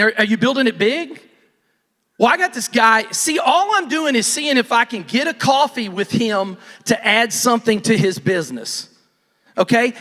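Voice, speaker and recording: A man talks to a conference crowd in a very high voice that swoops around a lot. His talk is folksy and rambling, full of restarts and asides. The sound rings with the long reverb of a big hall. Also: sharp tone. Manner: folksy, rambling, self-interrupting. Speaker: real estate team leader speaking on stage. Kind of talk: casual motivational talk.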